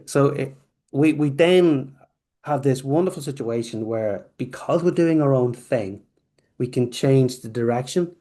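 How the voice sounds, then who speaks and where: A man with a mid-range voice tells a long story as a podcast guest, rambling from one point to the next. He acts out bits of conversation as he goes, with plenty of restarts and asides. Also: medium pitch. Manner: rambling, animated, acts out quoted dialogue. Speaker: podcast guest, company founder. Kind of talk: storytelling interview answer.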